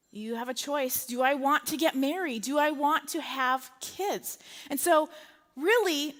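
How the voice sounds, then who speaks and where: A woman's voice: high-pitched, a bit bright. A woman preaching a sermon at a live church service in a chatty, humorous way. She keeps checking in with her listeners with "okay?" and "right?". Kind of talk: conversational sermon. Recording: echoey hall reverb.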